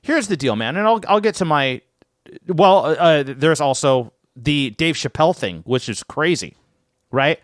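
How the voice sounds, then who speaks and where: A man co-hosting a casual podcast, talking in an animated way with plenty of restarts and some swearing, close to the mic. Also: a little high, a little slow, no echo. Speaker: podcast co-host.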